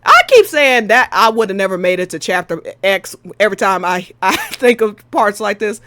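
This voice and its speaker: A woman co-hosting a casual game discussion, ranting in an animated, exasperated way and breaking into laughs. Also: mid-range voice, normal speed, a little hiss or hum. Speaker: podcast co-host.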